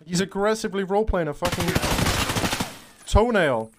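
A man streaming a shooter game, chatting casually to his viewers, excitable and swearing often, calling everyone bro. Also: mid-range voice, moderate pace, heavy background noise. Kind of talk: casual live-stream commentary.

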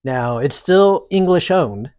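A man casually telling a long story on a podcast, animated and rambling with frequent restarts. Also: fairly high pitch, takes it slowly, clear, resonant tone, dry recording, studio quality. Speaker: podcast co-host.

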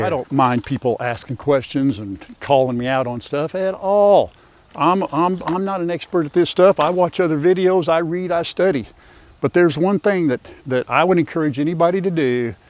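An older man, a farmer and vlogger, chats casually outdoors on his farm and talks to his animals in a folksy way. His voice is on the high side and a little mellow.

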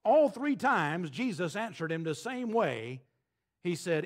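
Man, pastor, sermon, high voice, emphatic, dramatic pauses. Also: big pitch swings. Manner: emphatic, preaching with dramatic pauses and quoted scripture.

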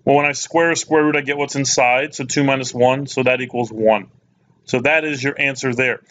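A man's voice: mid-range voice, fairly even intonation, fairly quick, a bit bright. A man teaching a recorded math lesson, casual and plain-spoken, often checking in with "okay?". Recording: slightly muffled lo-fi recording.

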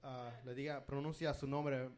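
Fast-talking male church interpreter. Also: medium pitch, flat delivery, a little mellow. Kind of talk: live sermon interpretation. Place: church sanctuary.

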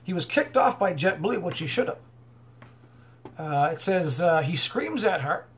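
A man with a high, light voice reads news aloud and comments on it off the cuff. He rambles, stops to restart his sentences, and slides into a preachy tone. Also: sing-song, a little slow. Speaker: online commentator.

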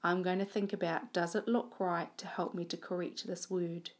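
A woman teacher modelling reading aloud for young children, thinking aloud in a deliberate way as she corrects her own mistakes. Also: on the low side, little pitch movement.

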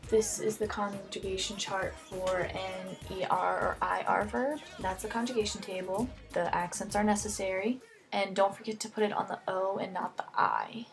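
Teen girl doing a homemade spanish lesson right into her computer mic, chatty and goofy, keeps getting sidetracked, faint music behind. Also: mid-range voice. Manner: chatty, jokey, easily sidetracked. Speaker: amateur Spanish tutor. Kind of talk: casual homemade video lesson. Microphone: computer webcam mic close up.

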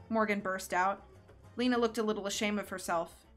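A woman reading a mystery novel aloud on a live stream, with steady storytelling. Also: mid-range voice, brisk, soft background music. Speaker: book reader. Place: home streaming setup.

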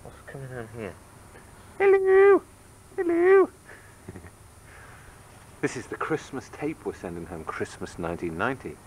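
Dad coaxing a toddler on camcorder. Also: male voice, fairly low pitch, fast talker, hardly any pauses, slightly rough, low-quality recording. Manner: coaxing, teasing, animated. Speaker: father filming a home video. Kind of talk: playful talk to a toddler. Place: family home. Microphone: camcorder microphone.

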